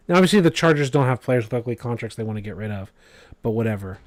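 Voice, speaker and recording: A man's voice: medium pitch, lively intonation, fast talker, no room sound. A man giving casual, rambling commentary over a video game, full of fillers and asides. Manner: rambling, filler-heavy, conversational.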